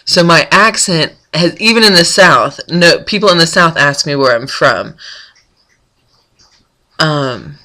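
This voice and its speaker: A woman's voice: low-pitched, lively intonation, takes it slowly, long pauses, sharp tone. A young woman from North Florida chatting casually in a vlog, rambling with lots of ums. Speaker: blogger.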